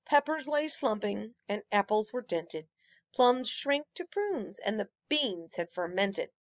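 Slow, expressive woman reading a picture book. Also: mid-range voice, no room sound, muffled recording. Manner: expressive, rhythmic rhyming delivery. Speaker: storyteller. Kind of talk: children's picture book read-aloud.

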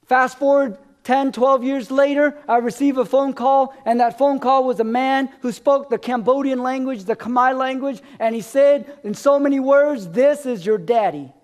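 High-voiced man preaching a sermon. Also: fairly even intonation, normal speed, few pauses. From America. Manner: storytelling, dropping low and soft at line ends. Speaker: pastor. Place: church. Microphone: live-streamed stage mic.

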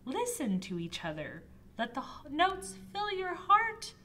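A woman reading aloud and voicing a brave, eager young male knight in a high, earnest voice. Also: wildly swooping pitch, measured pace, bright, forceful tone, full character voice.

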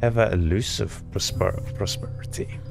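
A man doing gaming commentary, sarcastic and swearing, reading game text aloud haltingly. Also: deep voice, creaky. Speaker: let's play host. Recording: game music behind.

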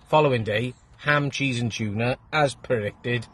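Husky man telling a joke. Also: mid-range voice, unhurried, few pauses, fairly bright tone. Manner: offhand, laughs at his own punchlines. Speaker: joke teller. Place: parked car.

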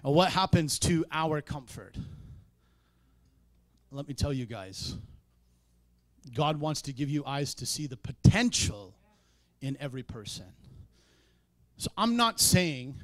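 A man preaching a sermon in a church, conversational in tone, with sudden loud emphatic peaks. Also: fairly high pitch, expressive, a little slow, long pauses, dry recording. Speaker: pastor.

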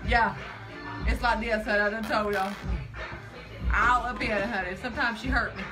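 A woman's voice: on the high side, steady tone, normal speed. A woman co-hosting a makeup livestream, sassy and chatty, calling everyone honey and child. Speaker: livestream co-host. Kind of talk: casual livestream banter. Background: background music.

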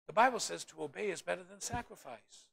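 A pastor preaching a sermon with a gravelly, bright voice that swings widely up and down. He is animated and jokes with the congregation between points, his pitch sitting a little high for a man. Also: quick pace. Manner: animated, humorous asides to the congregation.

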